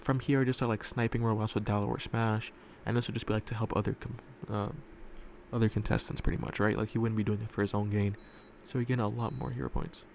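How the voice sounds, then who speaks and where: Rambling gravelly-voiced guy. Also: lowish voice, flat delivery, fast, darkish tone, a little hiss or hum. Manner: rambling, filler-heavy, casual swearing. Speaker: fan-fiction storyteller. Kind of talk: casual storytelling commentary. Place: room indoors at home.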